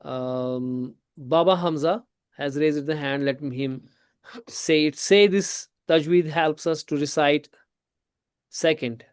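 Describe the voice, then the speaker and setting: A man's voice: fairly high pitch, clean tone, no room sound, clean studio sound. Man teaching a class, switching into Hindi. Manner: explains slowly with repeated questions, mixing English with Hindi. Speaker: tajweed teacher. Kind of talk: classroom lesson.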